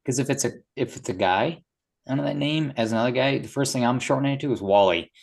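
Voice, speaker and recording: A man's voice: medium pitch, quick pace, gravelly. A man co-hosting an interview, adding offhand, joking remarks. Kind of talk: casual interview chat.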